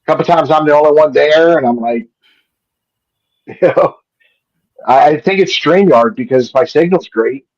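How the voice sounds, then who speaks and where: A man's voice: a little high, normal speed, pauses often, a little mellow, no room sound. A man who runs the live stream, talking in a flustered, apologetic way about technical trouble. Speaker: stream producer. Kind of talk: casual live-stream chat. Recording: dull, lo-fi stream audio.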